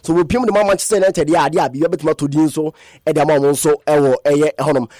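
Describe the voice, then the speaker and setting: A man rattles through a radio sports news roundup at a fast clip. His voice sits high, and his delivery slides now and then into a sing-song lilt. The studio sound is dry and close. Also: fairly even intonation, dark tone, dry recording.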